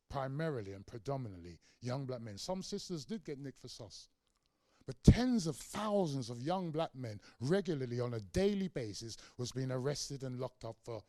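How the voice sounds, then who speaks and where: A man's voice: mid-range voice, no echo. A middle-aged man giving a lecture, telling a personal story with lots of life and acting out the voices in it. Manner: animated storyteller, acts out quotes, varies loudness widely. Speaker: guest lecturer. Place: lecture hall.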